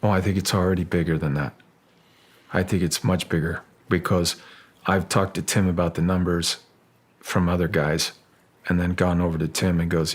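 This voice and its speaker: A man speaking as a guest in an interview, halting and restarting, then animated when telling stories. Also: deep voice, husky. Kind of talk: casual interview talk.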